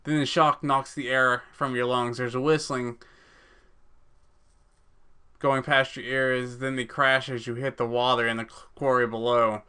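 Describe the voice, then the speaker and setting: Brief: male let's-play gamer, clear and bright, casual swearing while reading. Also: medium pitch, little pitch movement, unhurried. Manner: casual, swears, stumbles over words. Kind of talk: reading a text game aloud with reactions.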